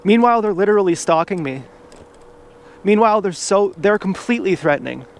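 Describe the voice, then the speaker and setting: A man's voice: high voice, lively intonation, fairly quick. A man vlogging outdoors from an e-bike, rambling in a casual monologue full of "like" and restarts.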